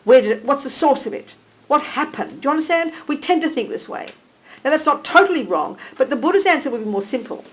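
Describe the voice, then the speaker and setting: A woman teaching a small group live, animated and direct, checking in with listeners by name and calling them darling. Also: sits high, fast talker, rough recording. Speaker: Buddhist teacher.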